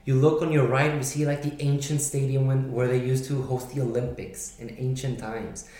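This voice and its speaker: A man co-hosting a casual politics podcast, excitable and swearing freely, with lots of "yeah, yeah". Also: medium pitch, normal speed, echoey room. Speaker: podcast co-host. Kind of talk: casual chat.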